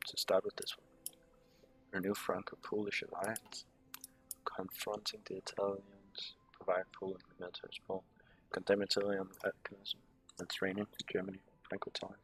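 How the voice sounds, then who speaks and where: A man's voice: lowish voice, fairly bright tone. A man giving casual strategy game commentary, reading menu text aloud with sarcastic, muttered asides. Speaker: gameplay commentator.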